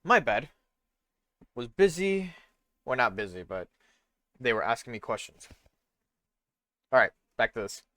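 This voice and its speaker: A man's voice: mid-range voice, a little slow, pauses often, dry recording. Chatty young male game streamer. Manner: relaxed, chatty, mumbling asides. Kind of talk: casual game stream commentary.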